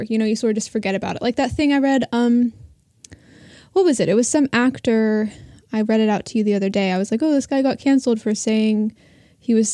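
A woman's voice: mid-range voice, warm tone, dry recording, studio quality. A woman in casual chat, thoughtful and hedging her points with fillers. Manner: thoughtful, hedging with likes and I feels.

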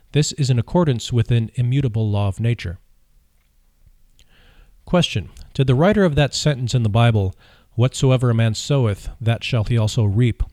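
A man narrates an audiobook chapter written as a dialogue of questions and answers, reading in a measured, even way. His voice sits at a middle pitch. The recording is dry and close, with no room echo. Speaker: audiobook reader.

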